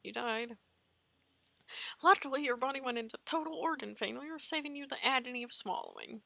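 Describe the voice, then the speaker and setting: A woman streamer reads a visual novel aloud, expressive and quick to giggle. Her voice is high and animated with a gravelly rasp. Faint game music plays underneath. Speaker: let's play streamer.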